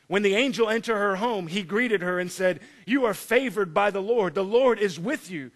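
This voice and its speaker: A man preaching a sermon, animated and joking, acting out the story in voices. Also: sits high, moderate pace. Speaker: pastor.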